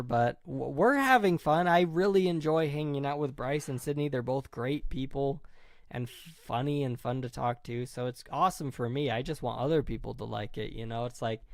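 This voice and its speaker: A man's voice: mid-range voice, normal speed, dry recording. A young man live-streaming and chatting casually, reading comments, rambling and apologizing a lot at his own expense. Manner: self-deprecating, rambling, apologetic.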